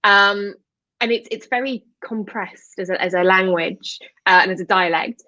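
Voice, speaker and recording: A woman's voice: mid-range voice, moderate pace, bright, forceful tone, no room sound. A woman hosting a live video interview, chatting casually and affirming her guest often. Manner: chatty, affirming with frequent mm-hmms. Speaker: host. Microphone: video call. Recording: slightly muffled video call audio.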